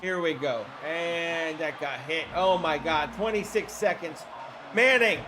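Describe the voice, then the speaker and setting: A man with a hoarse throat hosting a livestream, giving casual play-by-play commentary in an excitable, chatty way with casual swearing. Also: a little high, a little slow, background noise. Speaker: livestream host.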